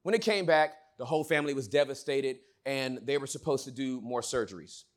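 A male pastor preaching a sermon, swinging from loud shouts to hushed words. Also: mid-range voice, brisk.

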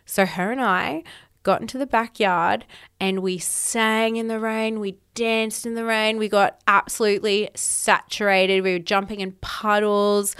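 Young woman, podcast host, casual monologue, smooth clear voice, medium pitch, filler-heavy chatty talk. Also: fairly bright tone. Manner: chatty, full of 'like' fillers, casual swearing.

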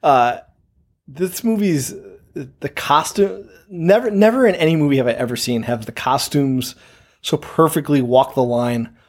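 Thirties dude cohosting, kinda higher voice for a guy, rambles, laughs, cusses. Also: unhurried, darkish tone. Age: 30s. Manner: rambling, chuckling, swearing. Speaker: podcast co-host. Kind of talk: casual chat.

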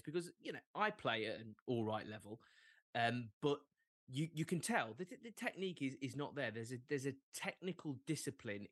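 Young English man, sports podcast co-host, animated and jokey, dry close sound. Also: mid-range voice, no room sound. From England. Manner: animated, jokey, fond of asides. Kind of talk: casual chat.

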